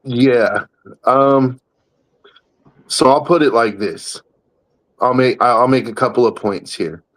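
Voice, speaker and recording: A man's voice: mid-range voice, slow, fairly bright tone, poor audio. A man co-hosting a podcast in casual chat, talking bluntly and emphatically, swearing freely. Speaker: podcast co-host.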